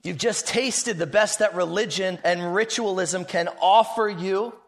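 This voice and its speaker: High-voiced preaching man. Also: unhurried. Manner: dynamic preaching, rising loud then dropping soft. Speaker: pastor. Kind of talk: sermon.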